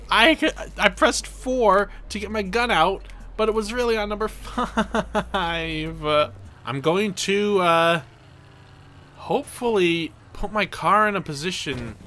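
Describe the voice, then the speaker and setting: A gaming video creator gives excitable let's play commentary in a high voice, reading the game's dialogue aloud and yelping whenever things go wrong.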